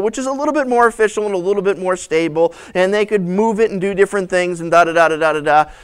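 Male pastor, sermon, conversational, animated, storytelling. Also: high voice, smooth. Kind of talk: sermon, Bible teaching.

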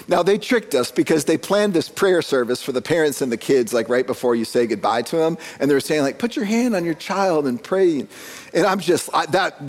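A man in his forties, a pastor, preaching a conversational sermon to a church congregation, telling stories with self-deprecating chuckles and often repeating words as he starts a phrase. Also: mid-range voice. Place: church sanctuary.

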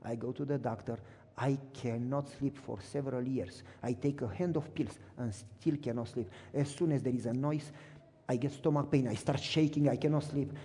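A man voicing a frightened woman neighbor in a sermon story, who turns low and tearful. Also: little pitch movement, a little fast, few pauses, dark tone, big-room sound, lightly acted. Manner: shrill, panicky questions, later low and broken.

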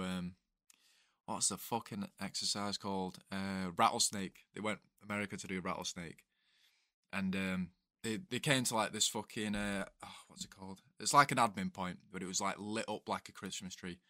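A podcast co-host with a lowish, bright-edged voice talks bluntly and swears freely. He rants in exasperated bursts, and his voice is recorded close and dry. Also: fairly even intonation, moderate pace, no room sound. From United Kingdom. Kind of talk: casual chat.

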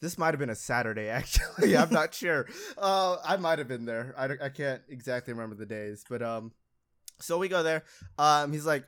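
A man's voice: on the high side, brisk, a bit bright, clear, resonant tone. A young man casually telling a long story about a mishap at his auto shop job, rambling, laughing and mocking himself.

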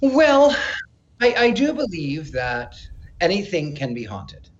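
A man as a psychic guest in an interview, telling stories in an animated, chatty way with frequent stammered restarts. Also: a little high, slow pace, dull audio. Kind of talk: casual interview storytelling.

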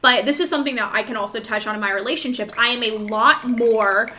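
A young woman guest on a comedy podcast, brash and profane with quick jokes. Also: on the high side, sharp tone, slight background noise. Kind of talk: casual comedic chat.

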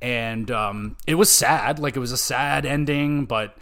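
A young man hosting a podcast, rambling excitedly and cursing freely as he reviews a game. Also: medium pitch, unhurried. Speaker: podcast host. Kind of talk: casual game review chat.

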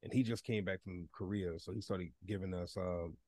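A young man chatting on a podcast, telling a story in a laid-back, halting way with many fillers. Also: low voice, steady tone, warm tone, dry recording. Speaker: podcast co-host. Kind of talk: casual chat.

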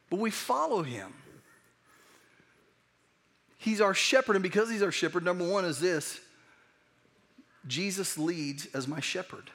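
High-voiced pastor preaching conversationally. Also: male voice, a bit bright. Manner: conversational, earnest, with frequent restarts and acted asides. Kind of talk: sermon.

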